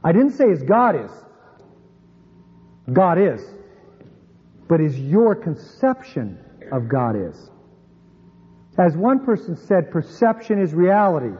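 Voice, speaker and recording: In a church sanctuary, a high-voiced pastor preaches earnestly, dropping his voice low to stress key points, with wide pitch swings, a slow pace, frequent pauses and a breathy edge. The recording is dull and muffled, and a long reverb trails behind him.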